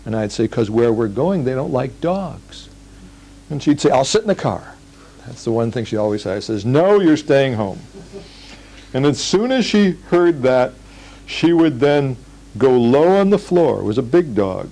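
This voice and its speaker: A man's voice: medium pitch, sing-song, normal speed, gravelly, dark tone, low-quality recording. An older man giving a live lecture, telling stories and acting out the quoted lines. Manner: storytelling, acts out quoted lines. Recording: old 1980s lecture tape.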